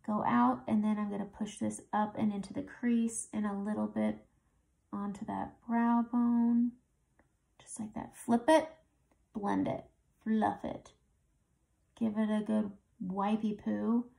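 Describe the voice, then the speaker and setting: Woman, makeup tutorial host, casual step-by-step chat, gravelly fry, close mic. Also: a little high, warm tone. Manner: chatty, talks through each step while applying makeup.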